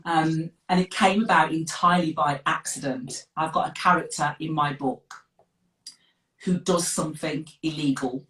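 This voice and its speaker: A middle-aged woman with a Birmingham accent, chatting as a guest author on a live video call, direct and quick to laugh. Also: deep voice, fairly even intonation, a bit bright. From West Midlands of England. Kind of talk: casual live interview. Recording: echoey room, distant from the mic.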